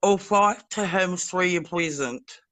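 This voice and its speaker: Middle-aged woman, slow unhurried speech, lowish voice, short soft answers. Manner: brief, soft-spoken replies. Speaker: sitter in a reading.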